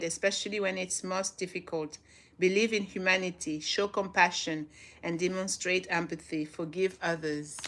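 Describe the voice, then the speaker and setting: A woman's voice: medium pitch, fairly bright tone. A woman in her forties hosting a casual live stream from home, upbeat and motivational, laughing often as she reads and chats. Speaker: livestream host. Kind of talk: casual live chat, reading aloud.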